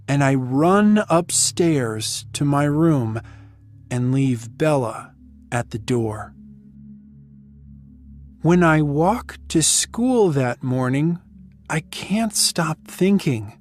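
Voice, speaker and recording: A woman reading a first-person learner's story aloud, speaking in clearly separated phrases. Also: very deep voice, expressive, drawn-out words, darkish tone, soft background music. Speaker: English teacher reading a story. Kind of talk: slow graded-reader story narration.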